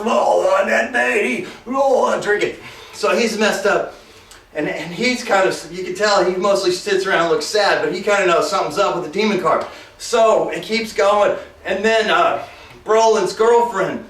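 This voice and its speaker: A man with a high voice reviews a movie in a loose, joking ramble, full of sarcastic asides. He sounds set back from the mic in a roomy, echoing space. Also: a bit bright. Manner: jokey, sarcastic, digressive, mimics characters. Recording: roomy echo, mic far off.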